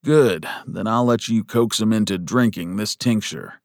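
A man voicing a calm older frontier doctor with dry humor, matter-of-fact, in an audiobook. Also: fairly low pitch, a little slow, dry recording. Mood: steady.

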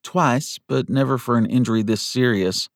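A man voicing a feisty, sharp-tongued young woman schoolteacher in an audiobook. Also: medium pitch, normal speed, no room sound, studio quality, pitched above the performer's own voice, lightly acted. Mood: tart. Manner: clipped, scolding.

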